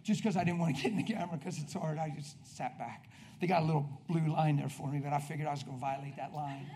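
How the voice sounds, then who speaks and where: High-pitched passionate male preacher. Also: steady tone, fast, a little hiss or hum. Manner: intense, shouting bursts then quiet confiding asides. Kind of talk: passionate sermon. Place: church.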